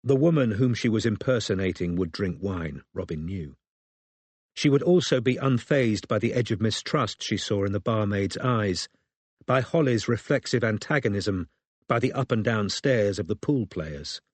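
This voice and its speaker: A man reading a crime novel aloud as audiobook narrator, in measured scripted narration. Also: lowish voice, animated, slightly rough, no room sound.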